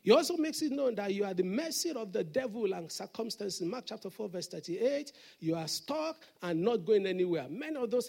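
Fervent, gravelly-voiced male pastor preaching. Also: sits high, very animated, fairly quick, hardly any pauses. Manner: call-and-response preaching, rising to fervent shouts. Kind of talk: sermon. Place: church.

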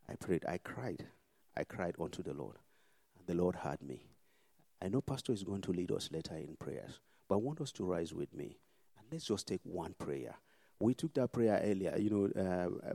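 Man preaching with a warm dry voice. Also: sits low, creaky, no echo. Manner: emphatic, repetitive, swings between loud exhortation and hushed prayer. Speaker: pastor. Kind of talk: preaching and leading prayer.

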